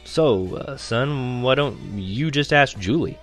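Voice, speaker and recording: A man voicing a dry, steady suburban father with a low, measured delivery. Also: soft background music.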